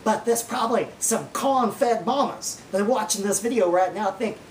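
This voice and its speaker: A man's voice: sits high, normal speed, recorded from a distance, a little hiss or hum, lightly acted. A man playing Charles Darwin as a folksy Oklahoma man, giving a comic mock lecture with an Oklahoma accent and a drawling, point-by-point manner, recorded in a roomy space away from the mic. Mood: folksy lecturing.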